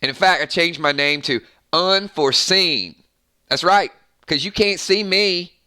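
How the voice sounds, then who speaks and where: A man voicing a wild, boastful Southern woman with a Southern US accent and a rapid, brash drawl. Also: on the high side, bright, forceful tone, clear, resonant tone.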